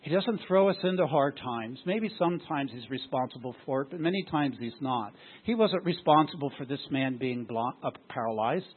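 A man's voice: mid-range voice, lively intonation, moderate pace, hardly any pauses, husky. A man preaching a sermon as pastor, often throwing rhetorical questions at his congregation. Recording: tinny phone-like sound.

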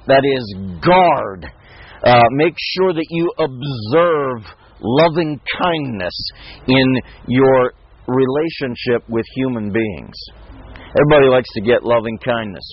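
A man's voice: mid-range voice, breathy edge. A man teaching a casual Bible lesson, talking conversationally with restarts and rhetorical questions. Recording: dull lo-fi recording.

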